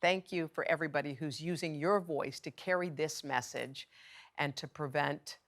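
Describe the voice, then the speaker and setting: A middle-aged woman speaks in a low voice with a gravelly edge of vocal fry. She tells a personal story candidly and conversationally, acting out the lines of the people she quotes. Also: normal speed, a bit bright. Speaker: award recipient giving a video message.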